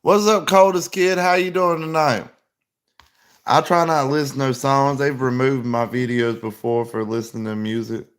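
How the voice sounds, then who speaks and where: Chill guy rambling to his chat on a livestream, lots of "like", mid-pitched voice. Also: steady tone, normal speed. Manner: laid-back, rambling, with plenty of "like". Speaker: livestream host. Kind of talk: casual livestream chat, answering viewer comments.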